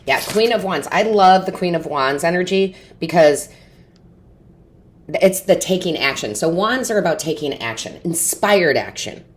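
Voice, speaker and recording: A woman's voice: fairly low pitch, expressive, normal speed. A woman giving an intuitive tarot reading to camera, earnest and encouraging, often asking rhetorical questions. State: tearful, emotionally overwhelmed. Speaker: tarot reader.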